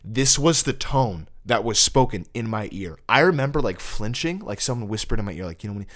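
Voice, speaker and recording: Animated young man telling a story. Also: fairly low pitch, fairly quick. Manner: animated storyteller, acts out voices from loud yells to hushed whispers. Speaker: podcast co-host. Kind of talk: casual faith podcast chat.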